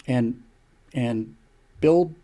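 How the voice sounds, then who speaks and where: A man's voice: mid-range voice, very slow, dark tone. An older man hosting a live stream, giving an opinion monologue in a lecturing way, firing off rhetorical questions.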